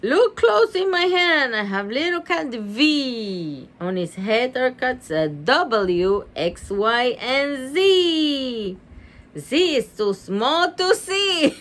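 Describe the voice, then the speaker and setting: A woman reading a picture book aloud with animated, chatty asides, gasping and laughing as she goes. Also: sits high, extremely slow. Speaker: reader.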